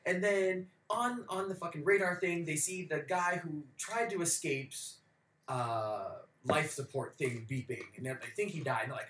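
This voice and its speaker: A man in his forties co-hosting a podcast, telling a story in a profane, animated rant. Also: fairly high pitch, moderate pace, reverberant, slight background noise. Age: 40s. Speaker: podcast co-host. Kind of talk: casual chat.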